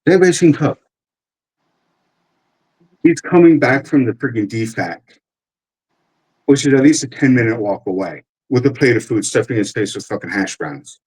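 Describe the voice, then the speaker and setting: A man's voice: mid-range voice, moderate pace, breathy edge, rough recording. A man with a New York accent telling profane army stories in casual chat, acting out what others said. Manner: profane, animated, acts out quotes.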